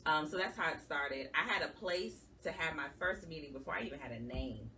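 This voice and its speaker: A woman with a low, bright-edged voice shares a heartfelt personal story in a conversational way. She sounds a little distant from the mic, with a faint hiss behind her. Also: lively intonation, a little fast. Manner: earnest, emotional, conversational. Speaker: guest, support group founder. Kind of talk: personal testimony in an interview. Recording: somewhat distant mic with faint background noise.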